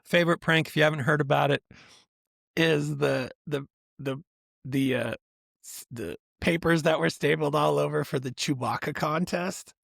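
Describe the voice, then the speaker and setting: A man's voice: fairly high pitch, normal speed, creaky, a bit bright, no echo, studio quality. A man co-hosting a casual podcast chat, who laughs often and rambles through his stories. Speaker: podcast co-host.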